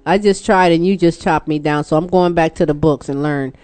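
A woman's voice: sits low, a little fast, a little mellow. A woman from Texas, hosting a radio talk show in a playful, teasing way and laughing often.

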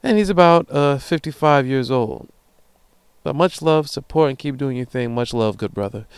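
Young man, podcast host, casual profane storytelling, smooth voice, dry close mic. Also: mid-range voice, expressive, normal speed, no echo. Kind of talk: casual monologue reading listener emails.

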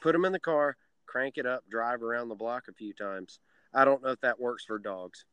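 A man in his forties in casual chat, teasing dryly and halting with fillers. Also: medium pitch, fairly bright tone, smooth, no echo. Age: 40s.

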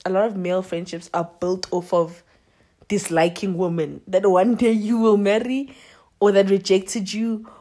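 A woman's voice: mid-range voice, darkish tone. A young woman hosting a podcast, ranting in a casual, sassy way with laughter and mocking impressions. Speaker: podcast host. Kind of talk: casual monologue.

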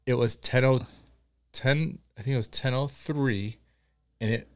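Young dude cohost, regular pitch, teasing and jumping in. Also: male voice, a little slow. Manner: teasing, chimes in. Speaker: podcast co-host. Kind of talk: casual chat.

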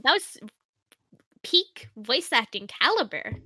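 A woman's voice: high-pitched, sing-song, slow pace, sharp tone, dry recording. A woman co-hosting a podcast in casual chat, giggly, often trailing off into mumbles. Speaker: podcast co-host.

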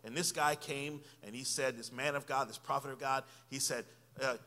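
A man preaching a sermon and telling a personal story. He swings from hushed, quiet lines to loud, excited ones. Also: mid-range voice, moderate pace, hardly any pauses. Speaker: pastor. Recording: long hall reverb under loud guitar music. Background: loud guitar playing.

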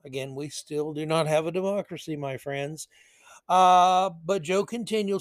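A male podcast host with a fairly high voice, delivering political commentary. He reads passages aloud and keeps cutting in with sarcastic, mocking remarks. The sound is dry and close, with no room echo. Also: moderate pace.

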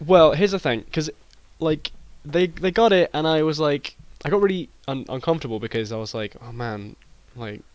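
A young British man telling a rambling, deadpan comedy story with many restarts, as a podcast co-host. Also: a little high, brisk, no echo. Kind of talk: improvised comedy chat.

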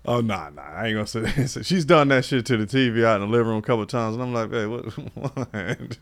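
A man with an ordinary middle pitch trading laughing, profane banter on a podcast. He talks loosely and jokes between stories. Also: expressive, quick pace. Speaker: podcast co-host. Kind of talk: casual chat.

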